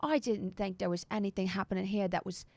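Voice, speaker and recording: A woman's voice: mid-range voice, fairly even intonation, fairly quick, vocal fry, a little mellow, no echo. Shifty male satyr, as a female game master puts him on, rambling excuses in a dry, close voice. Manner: slangy, pleading, rambling excuses. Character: nervous shifty male satyr hired hand. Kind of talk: tabletop role-play.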